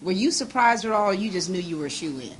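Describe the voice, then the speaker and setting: A woman's voice: mid-range voice, animated, fast talker, a little hiss or hum. A woman hosting a local TV interview with students, effusive and teasing, laughing often.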